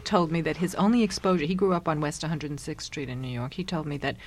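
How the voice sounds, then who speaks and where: A woman author is being interviewed. She tells her anecdotes with wry humor, and her voice sits a little low. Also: quick pace, a little mellow, a little hiss or hum. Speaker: author guest. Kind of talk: radio interview.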